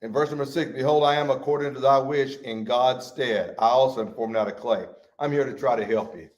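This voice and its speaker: A man's voice: mid-range voice, a little fast. Folksy male Bible study teacher. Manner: folksy, acts out quotes with shifting voice. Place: church.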